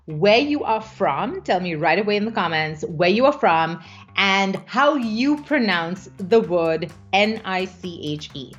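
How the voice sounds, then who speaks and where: A woman's voice: a little high, lo-fi sound. A woman coaching her viewers in a casual live stream, chatty and playful, often laughing.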